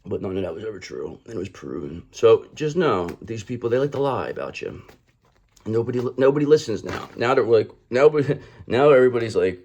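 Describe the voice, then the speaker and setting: A man's voice: sits low, quick pace, a little mellow. A man giving a casual tarot reading to camera, calling the listener "brother" and repeating his points. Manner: acts out other people in mocking quoted voices. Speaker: tarot reader.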